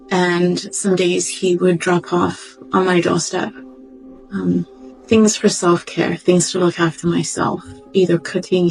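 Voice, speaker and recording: Low, gravelly woman telling her story. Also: rough recording. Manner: reflective, halting, heartfelt. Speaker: doctor. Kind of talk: personal testimony. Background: faint background music.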